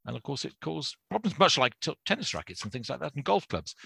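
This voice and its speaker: A man's voice: medium pitch, very animated, fast, gravelly, pushed and bright, breathy edge, dry recording. A man presenting a radio show, chatting casually with dry, self-deprecating humour in a studio.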